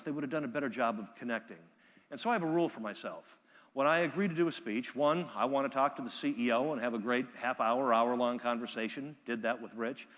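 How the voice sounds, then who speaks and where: A man giving a live keynote speech from a conference stage, telling stories with energy and loud bursts when he quotes people. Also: mid-range voice, in a large hall. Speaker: keynote speaker. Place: large conference hall.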